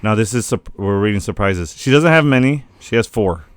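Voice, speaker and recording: This man talks in a lower register and his voice comes through smooth and clean. He co-hosts a podcast in loose, profane casual chat, full of quick asides. The sound is close and dry. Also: animated, no room sound. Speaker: podcast co-host.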